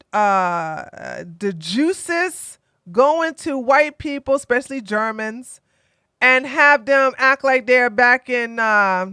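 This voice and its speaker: Blunt, high-voiced woman commentator. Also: smooth, no echo, clean studio sound. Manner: blunt, animated, with mocking impressions. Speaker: online commentator and streamer. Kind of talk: opinionated commentary.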